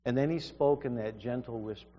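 A man's voice: medium pitch, brisk, dark tone. Man, preacher, earnest emphatic sermon, stumbling restarts, long hall reverb, dull lo-fi recording.

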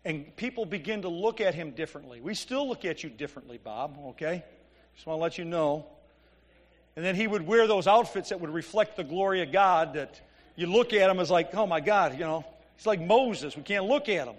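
High-voiced preacher in a reverberant hall. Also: male voice, expressive, fairly quick. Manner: preaching with swings from loud emphatic peaks to quiet asides; reads scripture then explains it conversationally. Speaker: pastor. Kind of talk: sermon.

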